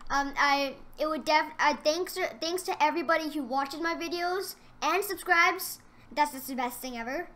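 A woman doing casual gameplay commentary for her gaming channel, excitable and trash-talking her opponents, then dropping into mumbled asides. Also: high-pitched.

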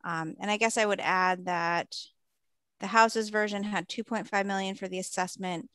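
A woman's voice: medium pitch, steady tone, moderate pace, a bit bright, clear, resonant tone, no room sound. A woman explaining funding details in a committee meeting, careful and methodical.

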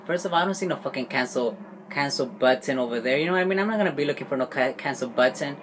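A man's voice: mid-range voice, lively intonation, quick pace, fairly bright tone, a little hiss or hum. A man ranting casually to camera as a vlogger, swearing freely and laughing often. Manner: profane, indignant, laughs often. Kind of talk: casual vlog rant.

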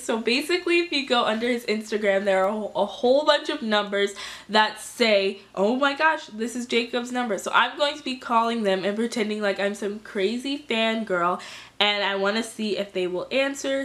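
A woman's voice: fairly high pitch, fairly bright tone. A woman vlogger chatting casually to her viewers in a rambling, filler-heavy way. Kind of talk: casual vlog intro.

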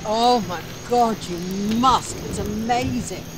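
An actress with an Australian accent playing a theatrical, wry older mother with a sharp tongue. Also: on the high side, slow pace, low-quality recording. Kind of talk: TV comedy-drama acting.

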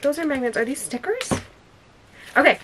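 A woman chatting excitedly in a casual unboxing vlog, gushing over each gift at home. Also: sits high, normal speed. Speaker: vlogger opening a gift. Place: dim room at home. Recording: noisy home recording.

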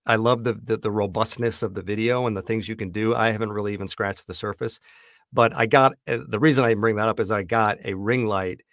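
Voice actor guy chatting easy with dry jokes, lowish voice, dead dry studio mic. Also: fairly even intonation, a little fast, fairly bright tone, dry recording. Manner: easygoing, dry self-deprecating humor. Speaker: voice actor and audiobook narrator guest. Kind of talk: casual interview chat. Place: home recording studio. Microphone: studio microphone on a boom arm.

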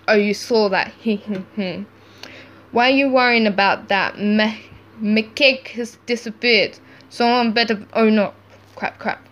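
A woman reading chat stories aloud, acting out each texter with lively shifts in tone. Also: fairly high pitch. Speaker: channel host reading text stories.

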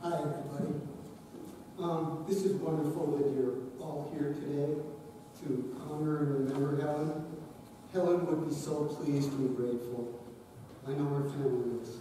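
A man's voice: on the high side, fairly even intonation, normal speed. Man giving a eulogy in an echoing hall. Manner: gentle storytelling, light humor. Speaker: eulogy speaker, son-in-law. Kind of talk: memorial eulogy. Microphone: distant. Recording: echoey hall, distant mic, faint hiss.

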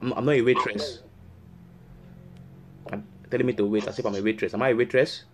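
A man's voice: medium pitch, steady tone, fairly quick, a crowd in the background. A man making a prank call as a fake counselor, scolding and repeating himself angrily. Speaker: prank caller posing as a counselor.

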